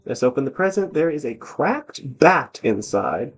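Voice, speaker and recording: A man's voice: medium pitch, sing-song, measured pace, vocal fry, faint music behind. A man hosting a let's play, chatting casually over the game and reading its on-screen text aloud. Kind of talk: casual gameplay commentary.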